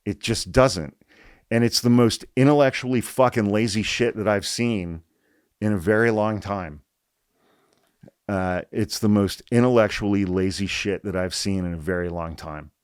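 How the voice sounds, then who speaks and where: A podcast host reads an article aloud for his political commentary show, speaking bluntly and heatedly, swearing often and repeating points for emphasis. His voice is fairly low, a little mellow, clear and resonant, at a moderate pace. The recording is studio quality with no echo.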